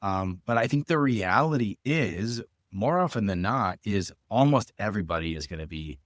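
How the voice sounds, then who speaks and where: A man's voice: fairly low pitch, expressive, moderate pace, no echo, clean studio sound. A man talking casually on a podcast about fundraising as a coach, thoughtful, with restarts and many fillers.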